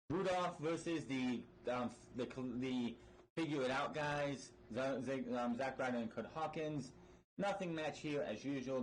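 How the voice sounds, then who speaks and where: This casual wrestling commentary comes from a medium-pitched man who recaps the episode quickly and sarcastically, swearing freely and restarting his sentences often amid fillers. Slight background noise marks the low-quality recording.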